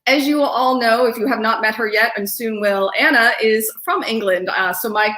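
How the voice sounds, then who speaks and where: A woman's voice: fairly high pitch, moderate pace, bright, forceful tone, roomy sound. A woman hosting a streamed storytelling show, chatting casually and introducing the next teller. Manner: chatty, many fillers. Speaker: host. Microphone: streamed from home.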